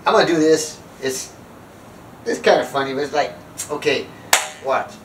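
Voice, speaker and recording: A man's voice: on the high side, moderate pace, echoey room, distant mic, slight background noise, poor audio. A man telling a funny story and preaching, acting out other people in squealing voices and laughing at his own jokes. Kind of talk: comic storytelling monologue.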